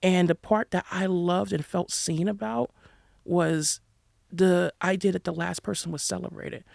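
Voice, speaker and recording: Speaking at a measured pace in a lowish, creaky voice, this endurance runner from New York City, a woman in her 30s, candidly shares her running story as a podcast guest. She's animated and laughs often, and the studio-quality recording has no room sound.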